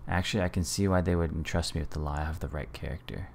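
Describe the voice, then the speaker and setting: A man's voice: a bass voice, fairly even intonation, fast, creaky, a little mellow, slight background noise. A man casually commenting on a game he is playing, playful and amused. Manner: playful, amused, reading choices aloud. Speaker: gaming video host.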